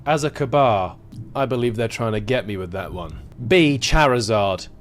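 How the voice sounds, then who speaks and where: A young man commentating casually on a live game stream, jokey, excitable and swearing freely. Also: medium pitch, normal speed, slight background noise.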